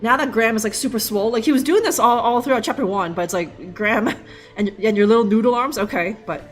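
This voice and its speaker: A woman's voice: fairly high pitch, fast, faint music behind. A young woman streaming a game live, joking and rambling with lots of fillers. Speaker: livestream gamer. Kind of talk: casual live gameplay commentary.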